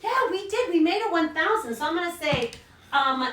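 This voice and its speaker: Bright, upbeat woman teacher in an echoey room. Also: extremely high pitch, animated, normal speed. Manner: upbeat, encouraging, addresses kids as friends. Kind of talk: recorded math lesson for students at home. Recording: echoey room, mic at a distance.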